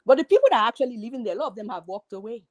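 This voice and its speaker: A guest on an online panel speaking earnestly, with halting speech and fillers. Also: medium pitch, big pitch swings, dry recording. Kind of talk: casual live-stream talk.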